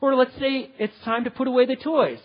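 A man teaching parenting in sermon style, animated, often checking in with "okay?". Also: very high voice, fairly quick. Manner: animated, acts out parents and kids, keeps asking "okay?". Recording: dull, lo-fi hall with long reverb.

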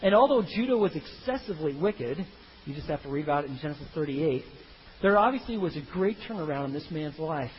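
A man preaching a sermon, animated, acting out the story in voices of its figures. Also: on the high side, quick pace, dull audio, a little hiss or hum. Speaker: pastor.

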